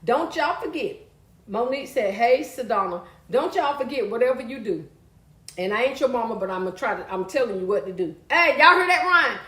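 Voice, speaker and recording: A woman hosting a casual live stream, chatty and loud, calling out to viewers and reading their comments. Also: on the high side, lively intonation, fairly quick, reverberant.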